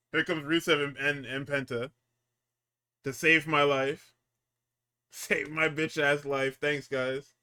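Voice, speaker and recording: A man co-hosting a casual wrestling podcast, profane and animated, acting out the people he quotes. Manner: animated, profane, acts out quotes with big pitch jumps. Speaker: podcast co-host.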